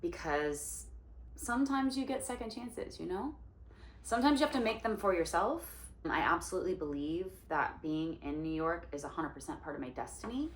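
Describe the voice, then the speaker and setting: Inside a New York room with a roomy echo, a woman in her forties, an actress and singer, delivers a storytelling monologue, lively and performing the voices of its characters. She speaks at a moderate pace in a fairly low pitch.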